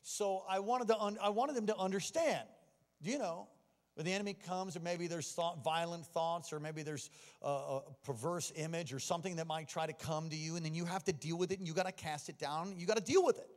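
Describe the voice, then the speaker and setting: A middle-aged man preaching a sermon, telling personal stories and moving from hushed confession to stirring exhortation. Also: a little high, a little fast. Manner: personal storytelling that swings from quiet to exhorting. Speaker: pastor. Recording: long reverb of a large hall.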